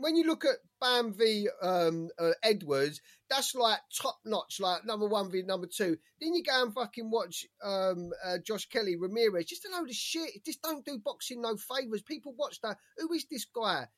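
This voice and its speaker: A man co-hosting a boxing podcast in casual chat, blunt, excitable and swearing. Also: high-pitched, normal speed, few pauses. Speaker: podcast co-host.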